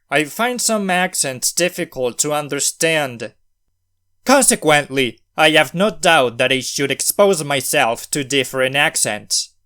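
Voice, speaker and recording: Smooth-voiced man narrating a language lesson. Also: a little high, a bit bright. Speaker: language video host. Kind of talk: scripted educational narration.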